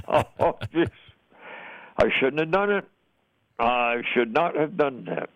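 A man's voice: a little high, a little slow, long pauses, no room sound, dull audio. Folksy older American man telling stories. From United States. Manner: folksy, plainspoken storyteller with chuckles. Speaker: veteran interviewee. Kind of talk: oral history storytelling.

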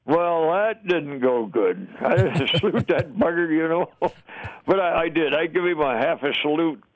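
A man's voice: fairly high pitch, animated, normal speed, noisy background. An older man, a war veteran, telling his story in a plain-spoken, folksy way and chuckling as he goes. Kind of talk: oral history storytelling. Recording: dull, dry lo-fi recording.

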